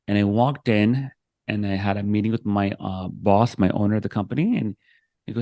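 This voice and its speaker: A man's voice: on the low side, moderate pace, mellow, dry recording. A man speaking as a guest on a video-call interview, telling a personal story with emotion, acting out what others said, with frequent restarts. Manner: emotional, acts out quoted voices, frequent restarts.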